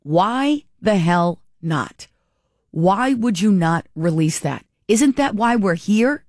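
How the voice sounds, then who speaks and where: A woman's voice: mid-range voice, lively intonation, slow pace, darkish tone, dry recording, clean studio sound. Indignant woman ranting about politics. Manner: indignant, sarcastic, rhetorical questions. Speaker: political commentator. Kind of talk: opinionated political commentary.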